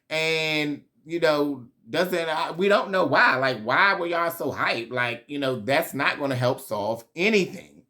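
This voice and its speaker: A man's voice: fairly high pitch, expressive, measured pace, hardly any pauses, bright, forceful tone. A man hosting a casual reality TV recap, chatty, slangy and profane, laughing often.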